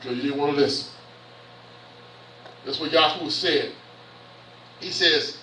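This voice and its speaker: A man's voice: a little high, bright, forceful tone, a little hiss or hum. A man preaching a sermon in a church, talking to the congregation and reading scripture aloud. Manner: conversational preaching with call-outs to the congregation; reads scripture aloud haltingly. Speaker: bishop preaching. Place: church hall. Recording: echoey church hall, mic from far off.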